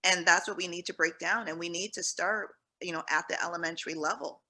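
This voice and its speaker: A woman's voice: lowish voice, fairly even intonation, brisk, bright, forceful tone, rough recording. A woman speaking on a panel in an earnest, encouraging, emphatic way. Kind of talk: panel discussion.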